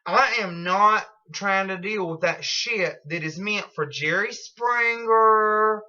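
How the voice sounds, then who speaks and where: A woman's voice: medium pitch, slow pace, sharp tone, highs cut off. A woman telling a rambling story at home in a blunt, profane, casual way. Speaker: vlogger.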